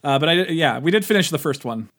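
Man, casual chat, rambling, animated, slightly high voice. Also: quick pace. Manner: animated, rambling, jumps high in pitch when excited. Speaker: podcast co-host.

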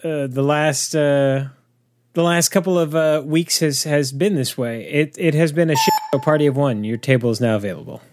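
A man's voice: a little high, moderate pace, noisy background. A man hosting a podcast, chatting casually with a co-host and cracking playful jokes. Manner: jokey, playful banter. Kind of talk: casual chat.

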